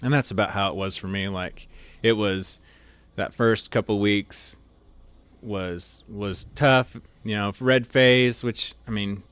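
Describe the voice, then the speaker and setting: Low-voiced young man telling an army story. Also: steady tone, slow, fairly bright tone, smooth, no room sound. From Oklahoma, USA. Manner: rambling, full of "like" and restarts. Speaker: interview guest, officer candidate. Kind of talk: casual storytelling.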